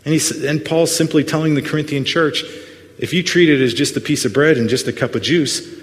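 A man's voice: a little high, fairly quick. A man preaching a sermon as pastor, earnest but full of playful jokes and asides to the congregation. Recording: long hall reverb.

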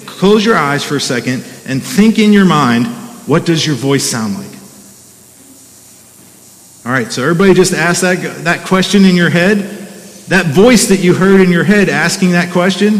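A middle-aged man preaches to his congregation in a casual, conversational way, often restarting his phrases and urging the room on. His voice sits a little high for a man, and it rings out through a big hall with a long reverb tail. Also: moderate pace. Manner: conversational, with frequent restarts and "come on" asides. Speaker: pastor. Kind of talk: sermon.

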